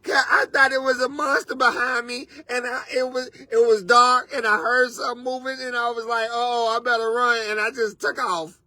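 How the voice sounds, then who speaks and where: A man's voice: very high-pitched, little pitch movement, moderate pace, few pauses, bright, forceful tone, no echo, voice pushed up, heavily acted. A man mimicking a flustered, panicky adult runner who ran into a tree, making breathless, whiny excuses.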